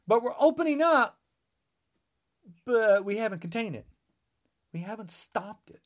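A man's voice: sits high, very animated, normal speed, long pauses. A man in his sixties delivering a heated, rambling podcast monologue, emphatic and full of restarts. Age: 60s. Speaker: podcast guest.

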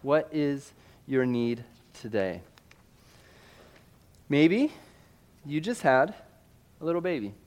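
A man from Missouri delivers a storytelling sermon in a slightly higher voice. He talks in a lively, animated way and acts out sound effects as he goes. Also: takes it slowly, long pauses.

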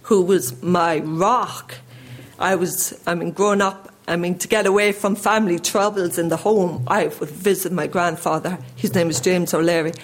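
A woman's voice: fairly low pitch, steady tone, normal speed. An Irish woman in her thirties giving a personal testimony in church, earnest and conversational, her voice a little shaky with emotion. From Ireland. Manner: earnest, conversational, with many restarts.

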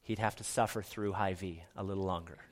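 A middle-aged man preaching a sermon as pastor, earnest, often dropping to a soft, hushed delivery for emphasis. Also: sits low, fairly even intonation, a little fast.

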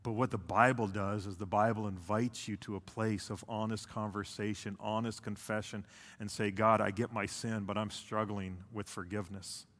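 Man preaching a sermon, gets loud then goes quiet, long echo from the big room. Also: lowish voice, fairly even intonation. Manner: preaching, intense then hushed, drawn-out phrases. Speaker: pastor. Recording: long hall reverb.

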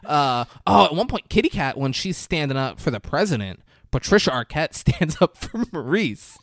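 Animated man recapping a film, dry sound. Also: normal speed, no room sound. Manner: animated retelling, bursting into loud high voices for quoted characters, laughs often. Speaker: podcast co-host recapping a film. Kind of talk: casual chat.

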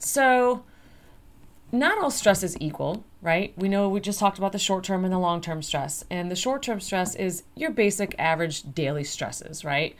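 A middle-aged woman hosts a casual health podcast, her voice sitting a little low. She chats freely and jumps into panicked inner voices to make her points. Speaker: podcast host.

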